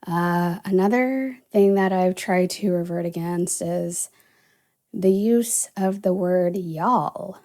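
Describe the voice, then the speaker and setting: A woman's voice: lowish voice, takes it slowly, dark tone. A young woman from the American South, without a Southern accent, hosting a casual solo podcast and rambling with lots of "you know" and "uh". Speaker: podcast host.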